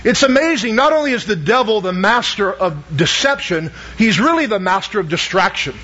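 A man's voice: high-pitched, expressive, normal speed, bright, forceful tone, breathy edge, dull audio. A man preaching a sermon as pastor, in a conversational way that keeps calling out questions to the congregation.

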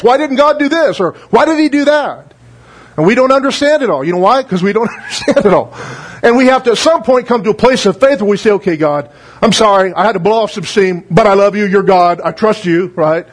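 Middle-aged male pastor with a high voice, folksy sermon delivery, jokey asides. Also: breathy edge. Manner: folksy, joking, asks "right?" often. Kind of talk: conversational sermon.

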